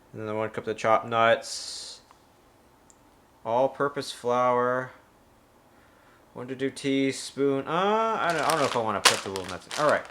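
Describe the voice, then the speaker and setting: A man talks through his cooking on a live stream, winded and loose, swearing often as he reads recipe steps aloud. His voice sits at an ordinary middle pitch and sometimes drifts back from the mic. A faint hiss and kitchen clicks run underneath. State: out of breath. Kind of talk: casual live-stream chat while cooking.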